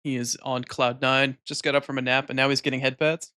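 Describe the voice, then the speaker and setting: A man streaming a video game, chatting casually into a desk microphone and cooing softly to his cat. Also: mid-range voice, flat delivery, brisk, clean tone. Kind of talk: casual live-stream chat.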